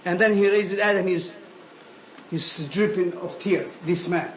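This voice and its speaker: A man giving an animated sermon, often calling listeners "habibi". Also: high voice, measured pace. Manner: animated, switching between English and Arabic phrases, calling listeners "habibi". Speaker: preacher. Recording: echoey room with faint ambient noise.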